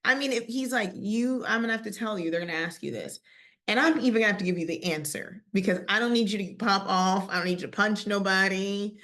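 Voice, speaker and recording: A woman teaching scripture in a casual, lively way, acting out quoted voices and laughing often. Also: medium pitch, fast. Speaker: Bible teacher.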